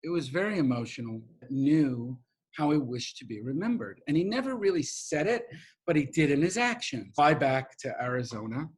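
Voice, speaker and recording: Husky, emotional New York man. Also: on the high side, moderate pace. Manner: emotional, animated storyteller who acts out quotes. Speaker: interview guest. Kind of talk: heartfelt storytelling.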